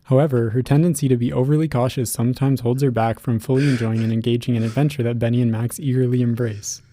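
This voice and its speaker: A man's voice: mid-range voice, fairly even intonation, fast talker, dark tone, no room sound, studio quality. A man co-hosting a podcast, chatting casually and teasing his co-hosts. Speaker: podcast co-host. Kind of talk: casual chat.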